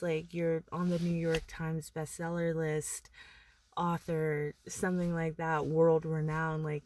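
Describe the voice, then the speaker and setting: A woman with a low, darkish voice is recorded with no room sound. She vlogs motivational advice to camera casually, rambling with lots of fillers, constant "like," and laughter between points.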